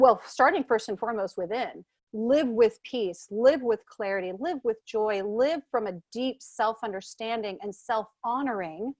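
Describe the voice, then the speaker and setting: A woman speaking as a webinar guest, her voice fairly high, earnest and searching, often pausing and restarting her sentences. The sound is dry, with no room echo, as on a video call. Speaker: guest speaker, self-help teacher. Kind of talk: webinar presentation.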